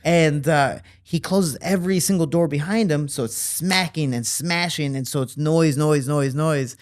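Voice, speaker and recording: A man telling stories from his childhood as a guest in an interview, with lively quoting and relaxed fillers. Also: a little slow. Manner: animated, jumps higher to quote people; fillers and restarts, relaxed flow. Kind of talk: casual storytelling.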